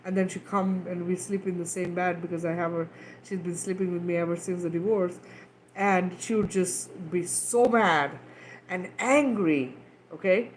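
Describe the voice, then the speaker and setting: A woman's voice: fairly low pitch, fairly even intonation, normal speed, a little hiss or hum, low-quality recording. Earnest woman, frank spiritual talk. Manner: frank, checks in with the listener often ("right?", "okay?"); earnest and emphatic, swears casually. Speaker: mother of two daughters. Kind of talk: casual spiritual talk to camera.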